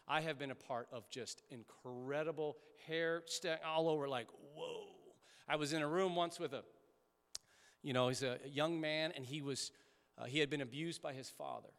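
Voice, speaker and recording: A pastor delivering a conversational sermon, emphatic at times and dropping to soft prayerful tones. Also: male voice, fairly high pitch, moderate pace, smooth, in a large hall. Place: church sanctuary.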